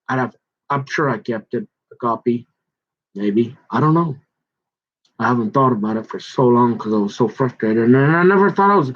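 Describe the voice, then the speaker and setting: A man of middle pitch talks in a rambling, halting monologue, often slipping into a raised voice to act out bits of dialogue. The recording is dull and lo-fi, with the top end muffled. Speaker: vlogger.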